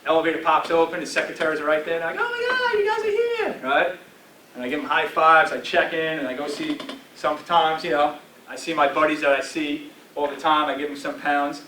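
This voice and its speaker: A man's voice: on the high side, level tone, quick pace, bright, forceful tone, far from the mic, slight background noise. Man in his forties coaching a team. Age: 40s. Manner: direct, coaching tone with frequent "all right?" and "right?". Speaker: guest speaker addressing a football team. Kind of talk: motivational talk. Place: team meeting room. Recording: roomy echo from afar with faint ambience.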